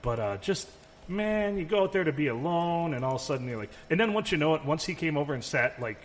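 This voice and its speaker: A man's voice: on the high side, expressive, fast. A man co-hosting a podcast in casual chat, telling rambling stories and swearing freely. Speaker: podcast co-host. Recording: long reverb, faint room noise.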